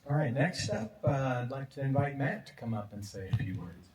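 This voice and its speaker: A man emceeing a memorial, introducing speakers in a brisk, friendly way. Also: medium pitch, sing-song. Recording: echoey, distant, with background noise.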